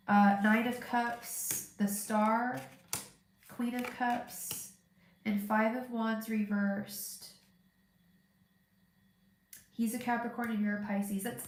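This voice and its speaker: A woman's voice: fairly high pitch, reverberant, a little hiss or hum. Congested woman giving a chatty tarot reading. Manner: chatty, thinking aloud with many fillers and restarts. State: stuffed-up, congested voice. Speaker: tarot reader. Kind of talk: live-streamed tarot reading.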